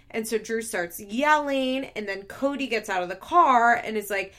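A woman's voice: on the high side, moderate pace, hardly any pauses. Gossipy woman recapping reality TV. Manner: gossipy and expressive, swears freely, laughs between remarks. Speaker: podcast host.

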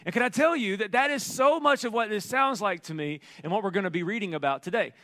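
A middle-aged man preaching a sermon as pastor, telling a story in an animated, joking way. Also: sits high, fast talker. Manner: storytelling, animated, jokey asides.

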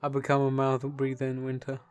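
A man's voice: mid-range voice, completely flat delivery, fairly quick, smooth, highs cut off. A young man with a casual, blunt and sweary way of talking, who laughs often, co-hosting a podcast. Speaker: podcast co-host. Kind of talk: casual chat.

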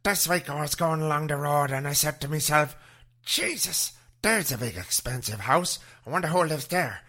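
A man's voice: on the high side, lively intonation, normal speed, pushed and bright, pitched above the performer's own voice. A man voicing a chatty male wheeler-dealer who tells a rambling tale in a jaunty way. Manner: rambling, jaunty yarn-spinning.

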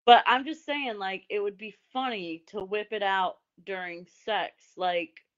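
A woman from Indiana swaps bawdy stories in loose, casual chat, loud and quick to swear. Her voice sits at an ordinary pitch for a woman. The sound is a little dull and muffled. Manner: loud, storytelling, swears freely.

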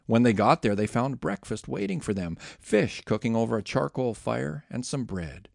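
A man giving an expressive, dramatic reading of scripture aloud. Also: medium pitch, normal speed, creaky, no room sound, studio quality. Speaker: scripture reader.

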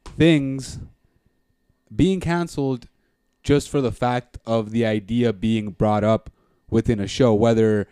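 A man's voice: mid-range voice, steady tone, slow pace, dark tone, clear, resonant tone, no echo, studio quality. A man in casual podcast chat about TV shows, thoughtful and hesitant, summing up what the other speaker says.

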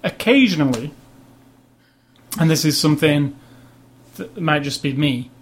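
A man's voice: on the high side, expressive, a little slow, breathy edge. A man chatting casually about films as a podcast co-host. He rambles, jokes and slips into put-on voices to act out scenes. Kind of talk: casual film review chat.

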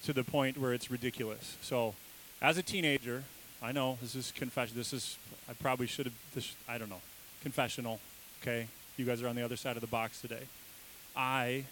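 A man's voice: medium pitch, fairly bright tone, slight background noise, poor audio. A man, a father, preaching a sermon in a casual, joking, conversational way. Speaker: pastor.

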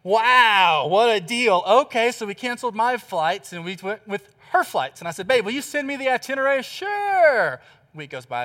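A man preaching a sermon, telling a story with animated, emphatic repetition. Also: high-pitched. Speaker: pastor.

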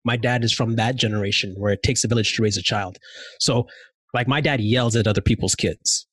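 A man telling stories in casual chat, animated and slangy, with many fillers. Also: fairly low pitch, fairly quick, husky, no room sound.

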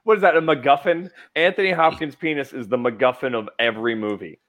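A man's voice: mid-range voice, fast, a bit bright. A young man hosts a podcast with a loose, comic chat. He rambles and swears constantly, and he breaks into laughter often. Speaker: podcast host. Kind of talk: casual comedic chat.

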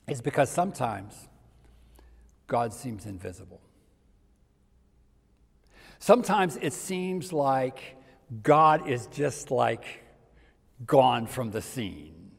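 Older male preacher, mid-pitched, conversational delivery that sinks to near-whispers; long hall reverb. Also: gravelly, slightly rough. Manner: conversational, dropping to soft near-whispers for emphasis. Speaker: pastor. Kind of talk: sermon.

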